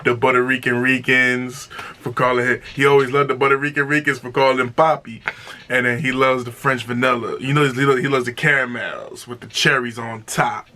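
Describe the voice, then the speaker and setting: Bright, punchy male reviewer reacting with excitement, exclaims and repeats himself, mid-pitched. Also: fairly quick.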